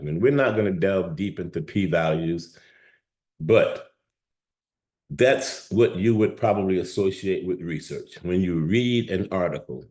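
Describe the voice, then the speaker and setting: A man with a very low voice leads a lecture for students. He speaks in a conversational way, often checking in with his listeners. The sound carries a noticeable room echo. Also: darkish tone. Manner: conversational, repeats "okay?" to check in. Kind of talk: evening webinar lecture on statistics.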